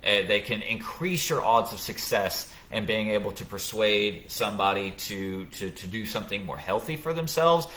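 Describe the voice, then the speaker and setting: A man's voice: fairly low pitch, expressive, normal speed, few pauses, a bit bright. A middle-aged man hosting a casual live podcast, thoughtfully explaining parenting ideas with examples and frequent restarts. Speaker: podcast host.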